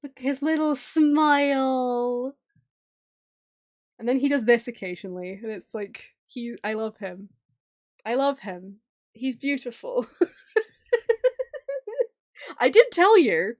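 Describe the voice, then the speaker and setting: A woman's voice: on the high side, lively intonation, unhurried, long pauses, a little mellow. A woman streamer chatting casually while drawing, gushing and giggling often. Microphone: streaming mic.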